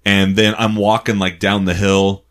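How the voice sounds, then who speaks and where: Storytelling guy, fairly low voice, swears a lot and laughs, comic anecdote. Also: normal speed. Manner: animated, profane, laughs often.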